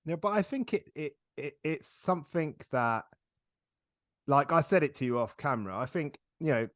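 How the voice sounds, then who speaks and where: A middle-aged man hosting a casual interview podcast, chatty and quick to laugh as he tells stories. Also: fairly high pitch, animated, a bit bright, no echo, clean studio sound. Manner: chatty, laughs often, storytelling. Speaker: podcast host.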